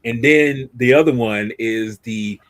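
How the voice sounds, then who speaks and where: A man's voice: mid-range voice, takes it slowly, no room sound. A man hosting a casual livestream, talking in a rambling way with many restarts and fillers. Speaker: livestream host.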